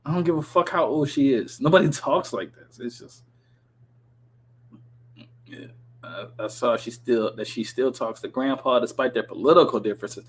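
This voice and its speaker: A man's voice: mid-range voice, normal speed, slight background noise, low-quality recording. Profane, sarcastic man reading a script. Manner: profane, sarcastic running commentary. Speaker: podcast host reading a script aloud. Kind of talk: casual commentary reading a script.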